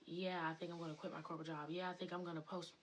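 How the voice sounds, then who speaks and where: A woman's voice: on the low side, little pitch movement, very fast, slight background noise, lightly acted. A woman voicing a hesitant man musing about his dreams in a tentative, repetitive way.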